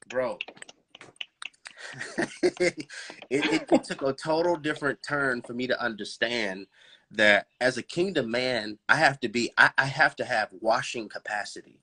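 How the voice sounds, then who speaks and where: A man's voice: mid-range voice, a little slow, bright, forceful tone, slight background noise. A married man talking faith and relationships in a podcast conversation, preaching with fervent cadence, rhetorical questions and bursts of laughter. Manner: laughs and addresses listeners as bro, girl.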